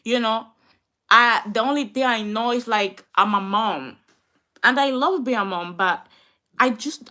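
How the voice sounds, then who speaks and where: Bright-voiced young woman venting. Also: a little high. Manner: upset, venting, fighting back tears. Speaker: vlogger. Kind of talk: emotional chat to camera.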